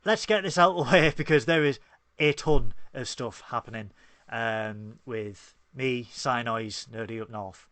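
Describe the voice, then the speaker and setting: A man's voice: mid-range voice, a little slow, fairly bright tone, no room sound. A Northern English man co-hosting a podcast in casual chat. He jokes his way through plugs for links and channels. The sound is close and dry. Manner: jokey, plugging links and channels. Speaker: podcast co-host.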